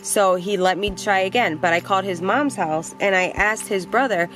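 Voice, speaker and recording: A young woman tells a story from her own life on her vlog, in a voice of middling pitch. She talks plainly and bluntly and swears without a second thought. Faint music plays behind her. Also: moderate pace. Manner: animated, blunt, swears freely. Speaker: vlogger.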